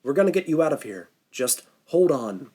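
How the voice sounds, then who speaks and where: A man voicing a gruff, middle-aged male rescuer in an audiobook. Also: on the high side, sing-song, normal speed, dark tone. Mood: urgent. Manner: gruff, urgent.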